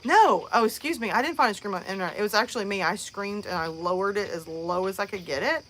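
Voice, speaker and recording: A woman's voice: mid-range voice, fast talker, fairly bright tone, a little hiss or hum. Rambling woman chatting on a live stream. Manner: rambling, chatty, many fillers and restarts. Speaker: host. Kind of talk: casual live-stream chat.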